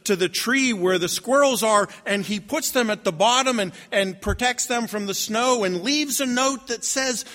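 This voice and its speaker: A man's voice: sits high, normal speed, hardly any pauses, long reverb tail. A man telling a children's story aloud, with frequent restarts and repeated words. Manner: repeats and restarts, gentle told-aloud pace. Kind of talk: oral storytelling.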